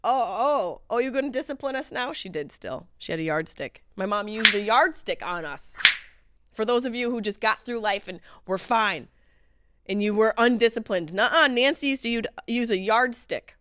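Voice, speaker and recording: A woman in her late thirties hosting a podcast, delivering a wry comedic monologue that swings between loud outbursts and low mutters. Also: normal speed, smooth, no echo, clean studio sound. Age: late 30s. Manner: animated, wry, mimics others in mock voices. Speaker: podcast host.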